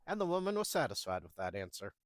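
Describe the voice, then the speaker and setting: A fast-talking man in his thirties, his voice on the low side with big pitch swings, recounts retail jobs in casual, wry storytelling. He acts out the dialogue, and the recording has no echo.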